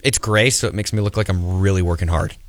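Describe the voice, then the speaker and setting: A man's voice: low-pitched, fast, no room sound, studio quality. A man in casual podcast chat, teasing and joking with his co-hosts. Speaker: podcast co-host.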